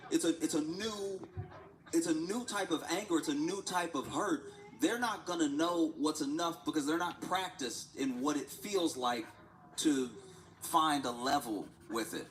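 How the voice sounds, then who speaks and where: A man with a slightly high voice chats casually on an art livestream, rambling through a story and laughing often. He repeats himself as he goes, and a steady background noise sits under the recording. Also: a little slow, poor audio. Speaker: livestreaming artist.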